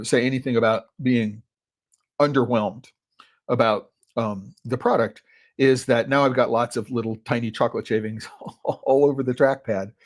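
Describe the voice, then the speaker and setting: Male podcast critic, mid pitch, loose filler-heavy delivery, talking from his office desk. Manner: rambling, filler-heavy, thinks aloud. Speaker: chocolate critic and podcast host. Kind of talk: solo podcast tasting talk.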